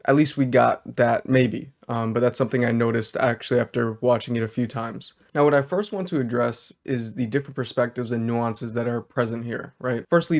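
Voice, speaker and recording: A male social worker narrates his reaction to a video in a measured, explanatory way. He hedges his points carefully, in an ordinary mid-pitched voice.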